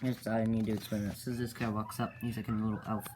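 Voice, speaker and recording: Halting man rambling through a story recap. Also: on the low side, little pitch movement, background noise. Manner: halting, many fillers and self-corrections. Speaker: storyteller recapping his own comic. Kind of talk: rambling casual retelling.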